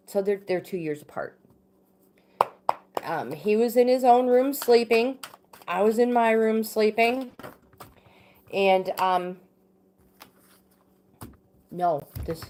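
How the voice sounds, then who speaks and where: Slow, halting woman telling a story. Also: medium pitch, a little mellow, a little hiss or hum. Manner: halting, many restarts and fillers. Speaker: livestream host. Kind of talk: casual storytelling.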